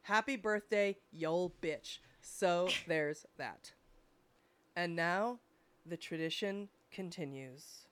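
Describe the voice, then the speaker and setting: A woman co-hosting a podcast in casual chat, teasing crudely and rattling off promos quickly. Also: fairly low pitch. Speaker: podcast co-host.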